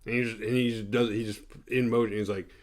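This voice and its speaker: A man's voice: lowish voice, level tone, fast talker. A man hosting a horror movie review show, recapping the plot in a rambling, profane, sarcastic way.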